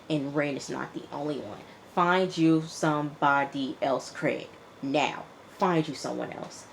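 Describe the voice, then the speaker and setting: A woman casually recapping a TV episode, chatty and animated, acting out the characters' lines as she tells it. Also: deep voice, slight background noise. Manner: chatty, animated retelling with quoted dialogue. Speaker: TV show reviewer.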